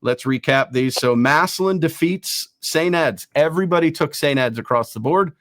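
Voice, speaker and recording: Fast-reading male sports show host. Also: on the high side, fairly bright tone, no room sound. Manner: reads rankings quickly, self-deprecating asides. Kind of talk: casual sports talk show.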